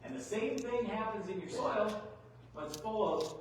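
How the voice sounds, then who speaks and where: A middle-aged man speaks to a roomful of farmers in a folksy, animated way, tossing out rhetorical questions. His voice sits a bit high. It rings through a large echoey hall, picked up from some distance with faint background hiss. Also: moderate pace. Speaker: agronomy speaker. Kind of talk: workshop presentation. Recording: echoey hall, mic far off.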